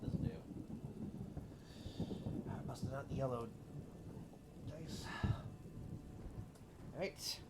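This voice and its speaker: A man's voice: medium pitch, slow pace, long pauses, very noisy. A man running a tabletop role-playing game as game master, narrating and joking with swearing and frequent laughter. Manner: animated, swearing, laughing often.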